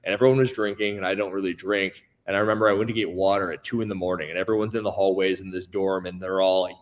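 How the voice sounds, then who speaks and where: A man's voice: sits low, flat delivery, quick pace. Stammering man telling a story. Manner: storytelling, acts out other people's voices; stammering restarts. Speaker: podcast guest. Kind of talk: casual chat.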